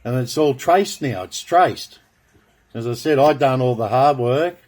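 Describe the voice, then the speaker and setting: Man, slow drawl, grandiose, repetitive rambling monologue. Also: medium pitch, darkish tone. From Australia. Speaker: video blogger. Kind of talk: rambling monologue, drawing cards.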